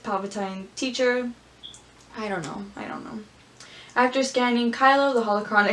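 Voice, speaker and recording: A woman vlogger reading aloud and chatting casually, gushing and squealing with excitement. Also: a little high. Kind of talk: casual script-reading commentary.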